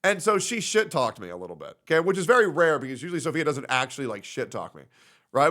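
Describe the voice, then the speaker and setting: A young man streaming and telling a story to his chat in a loud, animated way, laughing at his own jokes. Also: medium pitch, fast talker.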